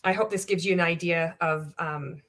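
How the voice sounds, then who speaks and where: A woman's voice: fairly low pitch, moderate pace, a bit bright, a little hiss or hum. Middle-aged woman, reaction commentator, sardonic and exasperated, conversational, reads posts aloud. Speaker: anti-MLM commentator.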